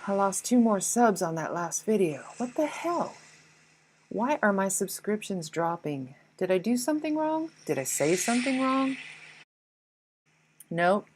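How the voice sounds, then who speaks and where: A woman's voice: mid-range voice, big pitch swings, a little slow, a little hiss or hum, poor audio. A woman voicing a petty, defensive inner ego that blames everyone else, whiny and indignant, with swearing. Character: petty defensive ego voice, self-pitying, blaming others.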